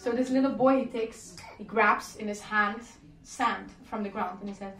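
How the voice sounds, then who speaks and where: A woman's voice: mid-range voice, normal speed, a bit bright. A woman teaching a devotional class in English, telling a story in a chatty manner and laughing often. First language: Dutch. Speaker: class speaker. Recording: roomy, distant lecture mic.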